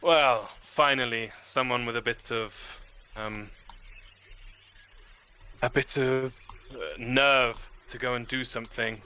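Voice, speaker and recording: A man voicing a gruff adult man who speaks in a halting way. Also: medium pitch, fairly even intonation, bright, forceful tone, a little hiss or hum. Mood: approving.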